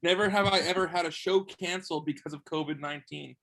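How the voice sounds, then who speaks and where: A man co-hosting a band interview, reading out game questions in a relaxed, casual way. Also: fairly high pitch, fast talker, vocal fry, rough recording. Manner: relaxed, reads questions aloud. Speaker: co-host running a drinking game round.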